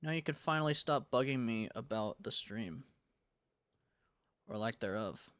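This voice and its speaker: A man's voice: mid-range voice, animated, a little slow, fairly bright tone, no room sound. A young man from the United States chatting casually on a game-dev livestream, rambling and laid-back, full of slang. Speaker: game developer streaming.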